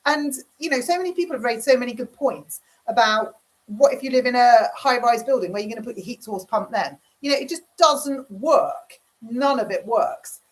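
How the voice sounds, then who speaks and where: A woman's voice: a little high, expressive, normal speed. A middle-aged woman, chatting frankly with viewers and reading out their comments while she cooks dinner. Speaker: livestream host. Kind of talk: casual chat, answering viewer comments. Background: cooking dinner while talking.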